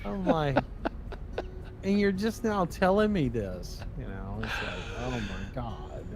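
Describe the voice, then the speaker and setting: A man's voice: mid-range voice, slow, noisy background. A man streaming a trucking game, telling rambling stories about home and laughing at his own jokes. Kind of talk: casual storytelling while gaming.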